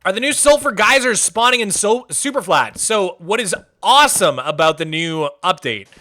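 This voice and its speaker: A man's voice: sits high, lively intonation, normal speed, bright, forceful tone. A man chatting casually on a livestream, chatty and enthusiastic, rambling as he goes. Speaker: streamer.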